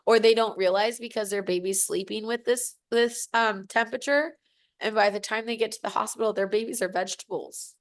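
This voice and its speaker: A woman's voice: mid-range voice, fairly even intonation, fairly quick. A woman in her forties, a podcast guest, telling a personal story in casual chat, emotional and gushing, acting out what others said. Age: 40s.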